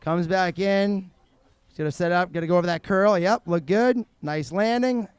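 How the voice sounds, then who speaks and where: A man doing live play-by-play commentary, excitable and chatty, telling stories between runs and shouting on big tricks. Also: high-pitched, normal speed, clean tone, no echo. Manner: chatty storyteller. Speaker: sports commentator.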